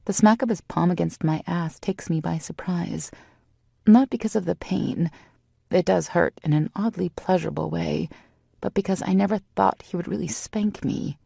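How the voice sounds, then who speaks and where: A woman narrates a first-person romance audiobook in an intimate, steady way. Her lowish voice is husky, dark and full of vocal fry. The recording is close and dry. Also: moderate pace, no echo.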